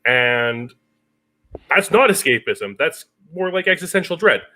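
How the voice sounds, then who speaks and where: A man's voice: fairly high pitch, expressive, measured pace, bright, forceful tone. A man co-hosting a podcast, talking about films in a casual, thoughtful way. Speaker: podcast co-host. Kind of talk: casual film discussion.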